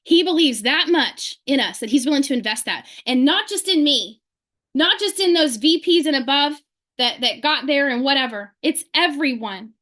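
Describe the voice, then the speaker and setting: A woman leading her sales team on a video call, giving a fervent motivational talk full of rapid rhetorical questions. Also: high voice, expressive, a bit bright.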